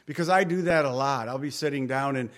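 A man's voice: mid-range voice, brisk, a bit bright. A man preaching a Bible study sermon in a conversational way, rising and falling in volume and sometimes dropping almost to a whisper. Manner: conversational, varies volume, drops to near whisper. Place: room with a group.

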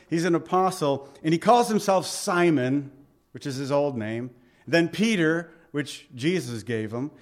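A middle-aged male pastor preaching a conversational sermon, often asking his listeners questions. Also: mid-range voice. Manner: conversational, asks the congregation questions.

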